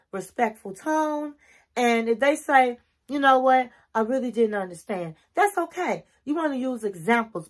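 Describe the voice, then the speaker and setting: A middle-aged woman giving relationship advice to camera in an earnest, coaching way, working through a numbered list of tips. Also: fairly high pitch. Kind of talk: casual advice talk to camera.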